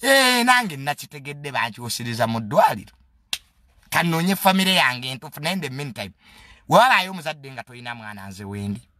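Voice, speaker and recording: A man's voice: medium pitch, sing-song, a little fast, pushed and bright, no echo. A man with a Ugandan accent giving a casual, comedic monologue in a mocking, boastful tone and mixing English phrases into his talk.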